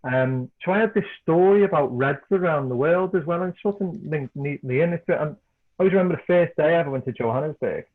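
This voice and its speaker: A middle-aged man from Liverpool with a Scouse accent, a podcast guest and author telling animated anecdotes in casual chat. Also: fairly high pitch, quick pace. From Liverpool, England. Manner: animated anecdotes, repeats words when excited. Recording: tinny phone-like call line.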